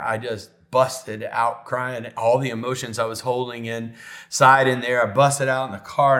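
Man telling a heartfelt sermon story. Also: mid-range voice. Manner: emotional, soft and hushed in tender parts. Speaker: pastor.

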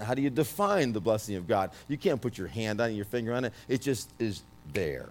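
Loud New York man giving a prophetic word. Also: lowish voice, very animated, fairly quick, few pauses. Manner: loud, emphatic, with many restarts. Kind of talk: prophetic ministry speech.

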